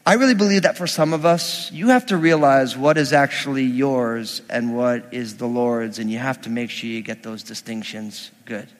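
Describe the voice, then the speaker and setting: A man preaching a sermon, reading scripture and explaining it with animated, acted-out quotes from the people in the story. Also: medium pitch, moderate pace, hardly any pauses, in a large hall.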